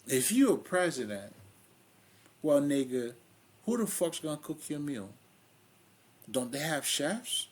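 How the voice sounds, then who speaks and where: Husky Haitian-accented man, blunt and profane. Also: a little high, big pitch swings, takes it slowly, pauses often, darkish tone. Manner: blunt, profane, streetwise and emphatic. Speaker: spiritual video host. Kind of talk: casual spiritual monologue.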